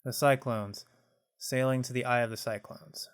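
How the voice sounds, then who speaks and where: A man's voice: mid-range voice, fairly even intonation, moderate pace, clear, resonant tone. A man hosting a casual let's play, thinking aloud, reading menus, and making self-mocking asides. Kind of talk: casual gameplay commentary.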